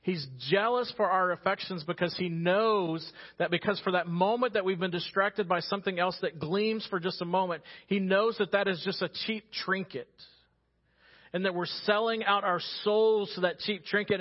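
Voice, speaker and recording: Pastor preaching, a man with a slightly high voice. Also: muffled recording. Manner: storytelling, conversational with sudden quiet drops. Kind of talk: sermon. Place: church sanctuary.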